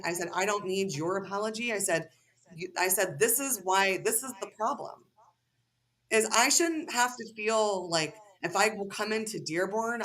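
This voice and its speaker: A woman's voice: medium pitch, fairly bright tone. Woman, podcast guest, heated, profane, ranting, casual talk.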